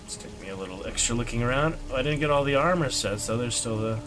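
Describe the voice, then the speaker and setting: A man's voice: medium pitch, expressive, fast. A man streaming a video game, chatting easily and rambling with little chuckles. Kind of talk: casual gameplay commentary. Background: game music.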